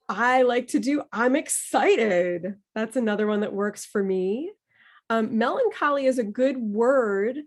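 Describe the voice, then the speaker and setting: A woman leads a voice workshop over a video call, taking her time with every phrase. Her manner is playful and encouraging, and she keeps breaking into little vocal demonstrations. Her pitch sits in the middle range. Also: darkish tone. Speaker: workshop leader. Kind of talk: online workshop instruction.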